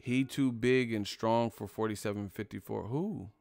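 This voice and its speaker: A man's voice: lowish voice, moderate pace, vocal fry, darkish tone, no room sound. A man hosting a casual live stream about boxing, ranting in a rambling, profane way and laughing at his own jokes. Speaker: boxing commentary host.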